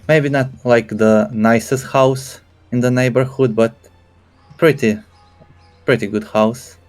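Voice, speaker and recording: A man's voice: mid-range voice, steady tone, slow pace, a little mellow, faint music behind. A man playing a tabletop game, hesitant and stammering. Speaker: player.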